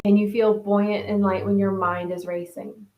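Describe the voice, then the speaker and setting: A woman's voice: medium pitch, level tone, moderate pace, highs cut off. A woman hosting a live online wellness group, chatting casually as she reads out participants' comments and answers them. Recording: roomy echo.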